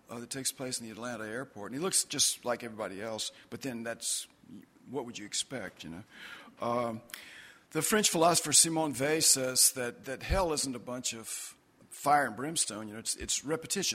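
A man's voice: mid-range voice, fairly bright tone. A man poet giving a poetry reading with wry, conversational asides.

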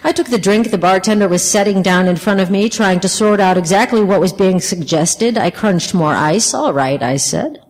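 A woman's voice: medium pitch, moderate pace, few pauses, long reverb tail, rough recording. Wry woman author reading aloud. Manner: wry, expressive. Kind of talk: literary reading.

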